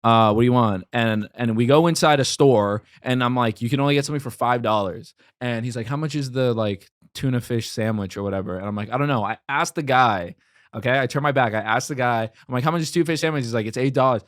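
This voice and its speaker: A young man on a comedy podcast, casually telling an animated story and acting out the people in it, quoting them with lots of "I'm like". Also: medium pitch, quick pace, dry recording, studio quality.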